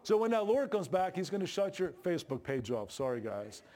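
Male pastor, slightly high voice, folksy and joking, sermon from the pulpit. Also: big pitch swings, fairly quick, mellow. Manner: folksy, joking preacher with Southern-style colloquial grammar. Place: church sanctuary. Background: congregation responses.

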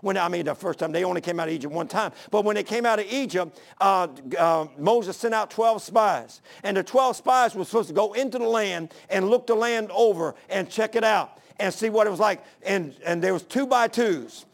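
High, gravelly-voiced fervent preacher man. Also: moderate pace, few pauses. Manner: folksy, fervent preaching with plain everyday talk. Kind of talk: sermon.

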